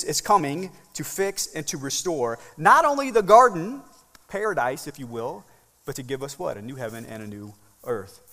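Preaching man in a reverberant hall. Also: fairly high pitch. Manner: call-and-response preaching, rising to emphatic peaks then dropping soft. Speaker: pastor. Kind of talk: sermon. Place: church sanctuary.

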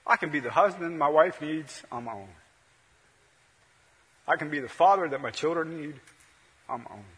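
A male pastor preaching a sermon, with a repetitive cadence that swings between loud peaks and hushed lines. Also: a little high, normal speed, slightly rough. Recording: long hall reverb.

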